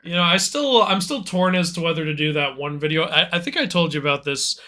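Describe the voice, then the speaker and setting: This young man hosts a casual chat while gaming. His voice is high and very bright, and he talks in an animated way with frequent laughs and stumbling restarts. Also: a little fast. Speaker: host.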